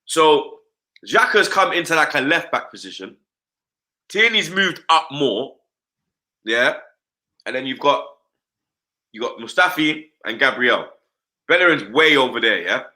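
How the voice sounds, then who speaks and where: A man's voice: mid-range voice, very animated, a little slow, long pauses, pushed and bright. A man ranting as a football fan pundit on a live stream, loaded with slang and repeated "you understand?".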